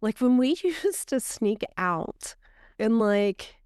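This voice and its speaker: Her fairly high, smooth voice moves slowly as this middle-aged co-host shares stories in relaxed podcast conversation, full of lively energy and frequent "like." The recording is dry and studio-clean.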